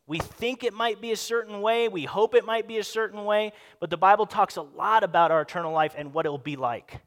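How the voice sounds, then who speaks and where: A man preaching a sermon as pastor, animated, acting out quoted speech in changing voices. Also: high-pitched, a little fast, in a large hall.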